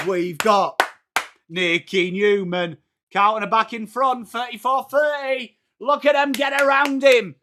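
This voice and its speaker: An English-accented man streams a live footy watchalong, calling the play in a high, bright, forceful voice. He is blunt and excitable, swears freely and breaks off to greet viewers in the chat. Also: measured pace, a little hiss or hum. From England. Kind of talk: live football reaction commentary.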